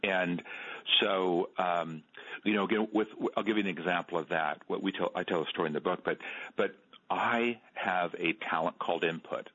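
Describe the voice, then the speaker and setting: A middle-aged man, an author guest on a radio interview, telling stories in an earnest, halting way and repeating words. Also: deep voice, bright, forceful tone, breathy edge. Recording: dull lo-fi radio sound.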